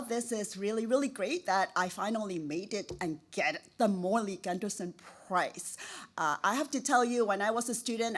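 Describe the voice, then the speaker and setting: Middle-aged woman, higher voice, heartfelt self-mocking acceptance speech, stacks "really" for emphasis. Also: fairly bright tone. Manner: effusive, repeats words for emphasis; laughs at herself, emotional. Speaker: award recipient, professor.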